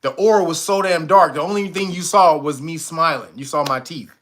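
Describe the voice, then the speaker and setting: A man's voice: fairly high pitch, brisk, a bit bright, slight background noise. A man hosting a livestream, telling a casual, profane story and laughing often. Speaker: livestream host.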